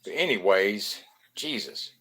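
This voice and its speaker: A man's voice: on the low side, sing-song, measured pace, bright, forceful tone, husky. A man, from Florida, hosting a casual live stream, greeting viewers by name in a loose, joking way.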